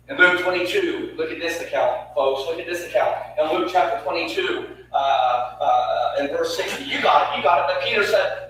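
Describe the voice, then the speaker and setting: Emphatic high-voiced preacher in echoey hall. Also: male voice, expressive, normal speed, few pauses, a crowd in the background. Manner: emphatic, swings from loud to hushed. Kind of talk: sermon. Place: church sanctuary. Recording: echoey church hall from far off.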